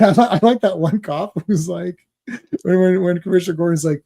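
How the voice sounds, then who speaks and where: A man's voice: sits high, brisk, gravelly, warm tone. A man co-hosting a casual podcast chat, rambling and laughing as he quotes movie lines. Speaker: podcast co-host.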